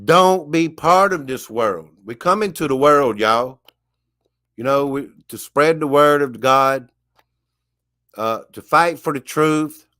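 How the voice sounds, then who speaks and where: A man's voice: a little high, takes it slowly, sharp tone. A man giving a casual monologue rant to the camera, emphatic and repetitive, with a preachy tone. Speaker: vlogger.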